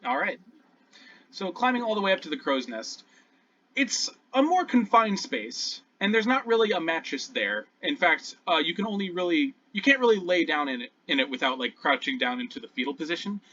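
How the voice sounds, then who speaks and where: A man's voice: on the high side, big pitch swings, normal speed, pushed and bright. A man narrating scenes as game master of an online tabletop game, describing things at length with fillers and restarts. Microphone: online voice call. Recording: distant, dull lo-fi call audio.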